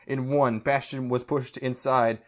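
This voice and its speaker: A podcast co-host with a medium-pitched, flat voice reads fan fiction aloud at a measured pace, stumbling over clumsy sentences. His mock-serious comic reading keeps cracking as he holds back laughter.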